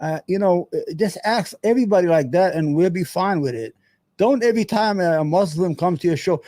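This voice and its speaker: A man's voice: sits high, a little fast, dark tone, no echo. A man hosting a show, giving heated, profane, rambling commentary on a news clip. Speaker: show host.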